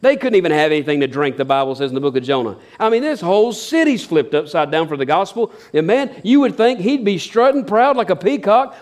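A man delivers a sermon, animated and folksy, with a slightly raised pitch for a man. He mixes humor with scripture and swings from big, lively stretches to quiet asides. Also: fairly quick, hardly any pauses. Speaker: pastor.

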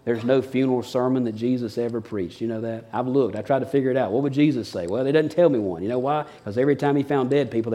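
Folksy man preaching a sermon. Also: mid-range voice. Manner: folksy, animated storytelling with dramatized quotes. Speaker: pastor.

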